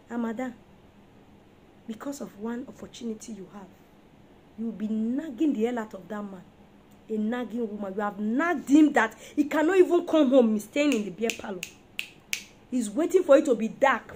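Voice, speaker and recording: A woman's voice: a little high, moderate pace, darkish tone, a little hiss or hum. A woman preaching an emphatic sermon on marriage, firing rhetorical questions at her listeners.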